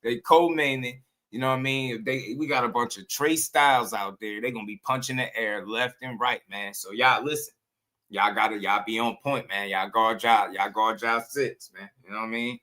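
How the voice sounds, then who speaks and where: Bright-voiced man riffing on boxing. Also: medium pitch, moderate pace. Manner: animated, slangy, laughs often. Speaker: boxing channel host. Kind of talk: casual boxing commentary.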